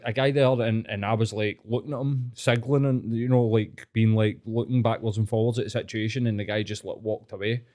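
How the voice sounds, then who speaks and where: A Glaswegian man hosting a podcast, telling stories in casual chat and swearing heavily as he goes. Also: lowish voice. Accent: Glaswegian Scottish. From Scotland. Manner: heavy swearing, animated storytelling. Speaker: podcast host.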